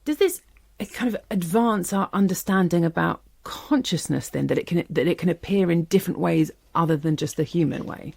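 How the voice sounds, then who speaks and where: Gravelly low-voiced woman co-host. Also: brisk, darkish tone, dry recording. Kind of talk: studio chat.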